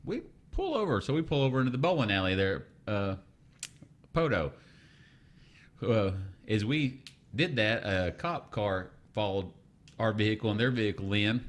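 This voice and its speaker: A man's voice: on the low side, big pitch swings, normal speed. A young man, co-hosting a podcast and telling a story in casual chat, acting out the voices he quotes. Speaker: podcast co-host.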